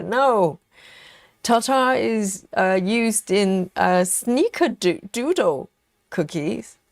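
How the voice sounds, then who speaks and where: A woman hosts a live stream in a casual, playful way, reading out viewer comments and teasing them between laughs. Her pitch swings widely and she talks slowly and unhurriedly. The sound is dry and close, with no room around it. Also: darkish tone, dry recording.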